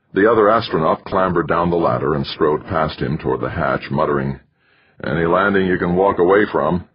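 A man narrating an audiobook in a steady, measured reading. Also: rumbling low, breathy edge. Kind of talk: scripted narration. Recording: dry, slightly muffled recording.

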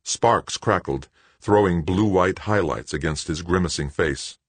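A man narrating an audiobook in a steady, measured storytelling voice. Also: sits low, husky, dry recording.

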